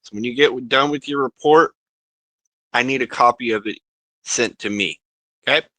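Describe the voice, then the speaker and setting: A man's voice: medium pitch, moderate pace, sharp tone, dry recording, rough recording. A man playing his character in a tabletop game, reassuring and tacking "okay?" onto his lines. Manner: reassuring, keeps asking "okay?". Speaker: player.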